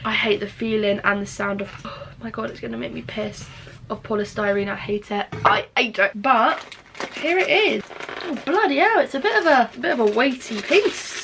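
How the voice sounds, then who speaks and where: A woman, vlogging her day to a phone camera in a chatty, swearing, deadpan darkly funny way. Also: fairly high pitch, normal speed, creaky, noisy background. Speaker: vlogger and podcaster. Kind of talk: casual day-in-my-life vlog talk to camera. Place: in a car, then outdoors walking, then at home.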